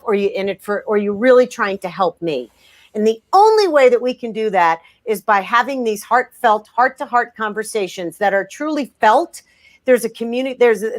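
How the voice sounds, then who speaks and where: A woman who writes about sales, talking as an interview guest with a blunt, emphatic manner and frequent restarts. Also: a little high. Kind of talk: conversational interview.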